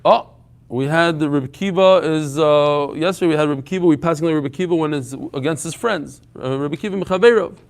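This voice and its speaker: A man leading a live Talmud class before a small audience, telling stories in a lively way and mixing in Hebrew and Yiddish terms. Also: a little high, a little fast, creaky. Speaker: Talmud teacher.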